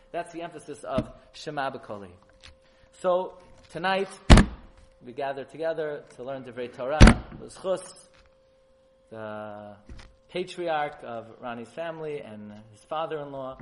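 A man giving a Torah sermon at a memorial gathering, animated and rising to loud, emphatic peaks. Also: medium pitch, measured pace, a little hiss or hum, poor audio. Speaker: rabbi giving a memorial talk.

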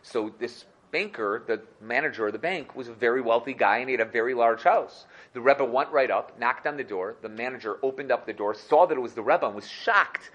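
A man teaching a Torah class, telling a story in a lively way and repeating phrases for emphasis. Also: medium pitch, a little fast, few pauses, dull audio.

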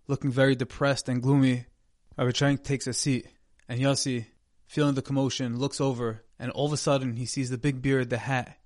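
An earnest man delivering a sermon as a dramatic story, his voice middle in pitch. The sound is dry and close, with no room around it. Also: no echo. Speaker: speaker giving a Torah talk.

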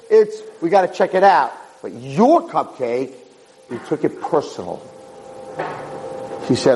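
A man's voice: fairly high pitch, very animated, normal speed, mellow, a little hiss or hum, low-quality recording. A man, a rabbi and teacher, giving a storytelling lecture, acting out dialogue with emphatic repetition.

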